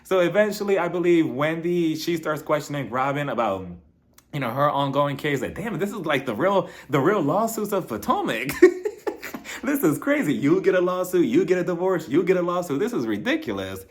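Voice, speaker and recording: A young man casually recapping a reality TV episode, sassy and animated, sometimes mimicking cast members. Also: on the high side, normal speed.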